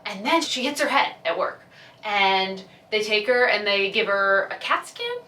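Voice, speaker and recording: A young woman chats away as a vlogger, gushing and acting out bits of dialogue. Her voice is bright and clear, but she sits a little back from the mic. The room adds a noticeable echo. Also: medium pitch, sing-song, measured pace. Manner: chatty, gushing, acts out characters' lines. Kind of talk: casual chat. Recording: echoey room, a bit far from the mic.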